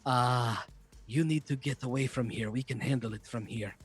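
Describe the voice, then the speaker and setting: A man's voice: medium pitch, normal speed, slightly rough, lightly acted. A man voicing a smug, scheming woman named Priscilla with a teasing drawl. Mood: reassuring.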